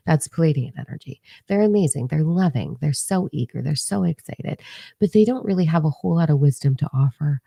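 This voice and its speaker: Low, gravelly, profane woman storyteller. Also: brisk, no echo, studio quality. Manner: blunt, profane, animated, acts out voices. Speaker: spiritual video creator. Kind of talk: casual storytelling monologue.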